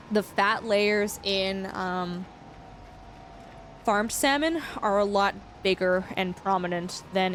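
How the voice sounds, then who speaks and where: A woman's voice: mid-range voice, fairly bright tone, slight background noise. A woman streaming a farming game, chatting casually and reading chat aloud. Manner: chatty, reads chat aloud, laughs often. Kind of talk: casual livestream chat while gaming.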